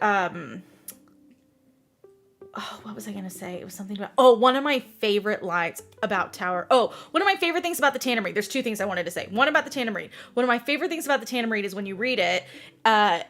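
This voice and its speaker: Chatty, animated young woman host. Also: on the high side, fairly quick, faint music behind. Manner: animated, laughs often, acts out scenes. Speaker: podcast host. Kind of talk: casual chat about books.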